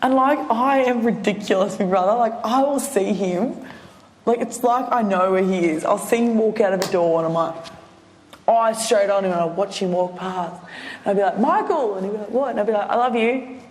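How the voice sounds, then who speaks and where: A woman, a housemate, gushing through an animated confessional story. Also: medium pitch, brisk. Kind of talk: confessional interview. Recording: echoey room, long reverb, faint noise.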